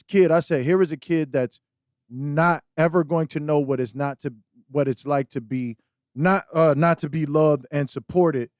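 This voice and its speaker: A man's voice: sits high, darkish tone, no echo, studio quality. A man co-hosting a podcast in casual chat, blunt, profane and impassioned. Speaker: podcast co-host.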